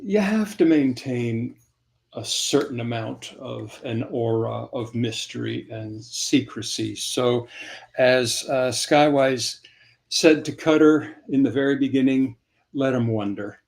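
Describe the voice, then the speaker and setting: A man's voice: mid-range voice, slow, gravelly, darkish tone. An older man, a comic creator, chatting casually on a livestream, rambling and spelling names aloud as he signs items for fans.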